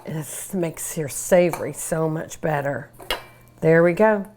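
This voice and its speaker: A woman's voice: low voice, a little slow, noisy background. An older woman hosting a cooking show, chatting and gushing enthusiastically while she eats. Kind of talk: casual cooking show talk.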